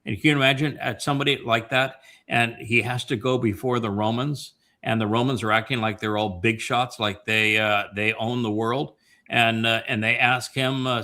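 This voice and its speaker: A man hosting a family Bible-study talk show, retelling scripture in an impassioned way, with many pauses and fillers. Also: mid-range voice, steady tone, sharp tone. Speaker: host.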